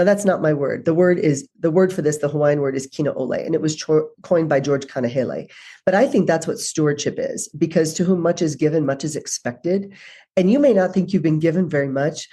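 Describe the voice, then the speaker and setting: Low mellow woman, leadership speaker on a podcast, direct and punchy. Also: husky. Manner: brisk and direct, acts out dialogue as she tells stories. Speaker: guest, leadership speaker and author. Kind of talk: casual interview chat.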